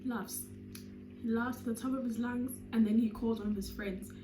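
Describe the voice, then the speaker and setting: A South African woman in her twenties telling a storytime vlog with animated, dramatic delivery and sudden loud bursts. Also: on the high side, normal speed, over music. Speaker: YouTuber. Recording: roomy echo.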